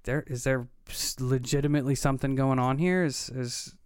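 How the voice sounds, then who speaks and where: A man's voice: mid-range voice, steady tone, normal speed, clear, resonant tone. A man in his thirties, co-hosting a podcast and earnestly retelling a personal story, acting out the dialogue as he goes. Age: 30s. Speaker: podcast co-host. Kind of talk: casual storytelling.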